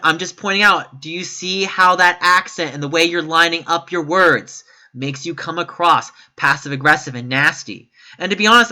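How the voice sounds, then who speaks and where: A man delivers opinion commentary for his vlog in a bright, forceful voice. He rambles and corrects himself as he goes, then jumps up into high, exasperated outbursts when he disagrees. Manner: emphatic and exasperated, with sudden high-pitched outbursts. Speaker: YouTube commentator.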